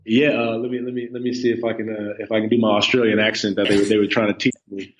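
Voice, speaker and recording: A man's voice: lowish voice, flat delivery, quick pace, muffled recording, slight background noise. A man in his thirties, a podcast guest chatting casually in a laid-back way, with lots of ums and you-knows. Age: 30s. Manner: laid-back, filler-heavy with many um and you know. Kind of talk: casual interview chat.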